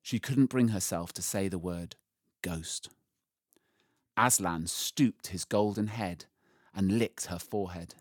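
A man reading a storybook aloud, slow and expressive, rising with the drama. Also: deep voice, no room sound, clean studio sound.

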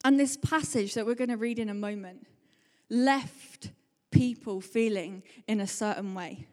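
Chatty woman preaching in a reverberant hall. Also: medium pitch. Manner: chatty, animated storytelling, fast bursts. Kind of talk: sermon.

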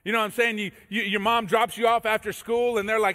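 A man preaching a sermon as a pastor, telling stories with animated energy and acting out voices. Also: high-pitched, brisk, few pauses. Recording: echoey hall reverb.

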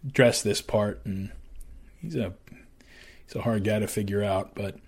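Man narrating history, conversational and measured. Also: on the low side, slightly rough. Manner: measured, with fillers and restarts. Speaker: podcaster.

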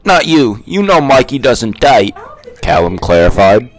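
A man reading a steady, reassuring young best friend from a fan story, in an easy, upbeat tone. His voice sits at an ordinary middle pitch. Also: measured pace, low-quality recording.

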